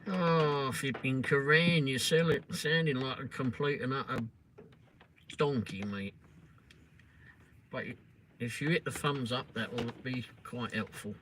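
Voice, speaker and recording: Slow-talking sarcastic English man. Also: medium pitch. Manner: sarcastic, swears and teases trolls. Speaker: livestream host. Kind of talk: casual chat replying to live comments. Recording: noisy live stream audio.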